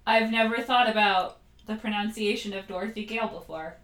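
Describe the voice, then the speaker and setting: A woman's voice: mid-range voice, steady tone, a little fast, a bit bright. A woman hosting a podcast in casual chat, laughing often and trailing off with fillers over a call. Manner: giggly, chatty, hesitant fillers. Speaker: podcast host. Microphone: talking over a video call. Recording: roomy echo.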